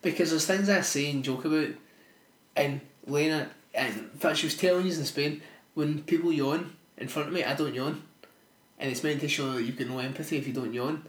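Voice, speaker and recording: A Scottish man in his twenties co-hosting a casual podcast, swearing freely and telling dark jokes. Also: on the high side, steady tone, brisk, roomy sound, poor audio. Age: 20s. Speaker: podcast co-host.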